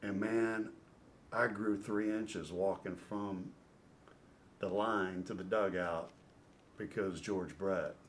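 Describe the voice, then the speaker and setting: A middle-aged man, a former ballplayer and podcast guest, telling an animated story. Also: low-pitched, takes it slowly, long pauses, a little hiss or hum. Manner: animated storyteller who acts out scenes. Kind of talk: storytelling interview.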